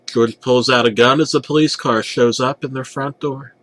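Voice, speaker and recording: A man's voice: mid-range voice, fairly even intonation, normal speed, fairly bright tone, no echo. A young man narrating a parody creepypasta with a sarcastic, profane delivery.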